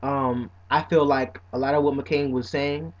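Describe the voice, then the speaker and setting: A man's voice: mid-range voice, steady tone, a little slow. A young man talking casually to camera as a vlogger, playful at times and earnest at others, often saying "you know what I'm saying". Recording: dull lo-fi recording.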